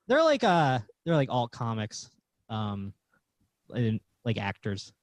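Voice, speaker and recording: A man's voice: mid-range voice, huge pitch swings, takes it slowly, no echo. Young comedian guy, chill and self-deprecating, dry studio. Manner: laid-back, self-deprecating. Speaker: guest, stand-up comedian. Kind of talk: casual chat.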